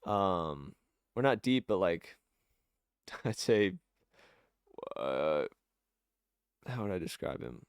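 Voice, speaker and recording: A man's voice: deep voice, animated, slow pace, long pauses, clear, resonant tone, dry recording. A man narrating a tabletop game as game master, rambling and correcting himself with many fillers.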